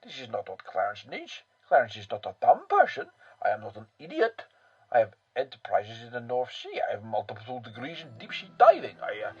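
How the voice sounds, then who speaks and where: A man's voice: medium pitch, slightly rough, muffled recording, heavily acted. A man playing a rambling, boastful European man who pokes fun at himself, in a comic character monologue full of fillers and asides.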